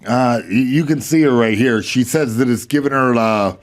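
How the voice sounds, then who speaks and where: A man reading news stories on a podcast, relaxed and agreeable. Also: medium pitch. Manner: easygoing, agreeable, quick to laugh.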